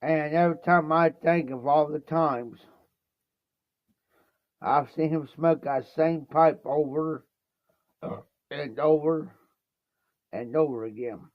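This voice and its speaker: A man's voice: a little high, takes it slowly, long pauses, dry recording. A man from Ohio telling a meandering story on a livestream, stacking up lots of "I said" and "he says". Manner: meandering, repeats "I said" and "he says" often. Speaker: livestream host. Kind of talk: rambling anecdote storytelling. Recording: dull lo-fi stream audio.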